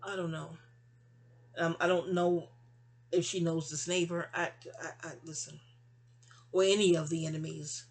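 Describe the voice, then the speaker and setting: A woman's voice: low voice, fairly even intonation, normal speed, long pauses, breathy edge. A woman hosting her own channel, venting in a casual, rambling monologue full of restarts and trailing asides. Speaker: channel host.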